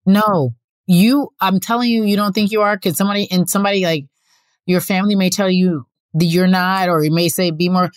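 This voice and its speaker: A woman's voice: medium pitch, fairly even intonation, fairly quick, no room sound. A woman hosting an interview, talking in an emphatic, insistent way. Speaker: host. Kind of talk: warm conversational interview.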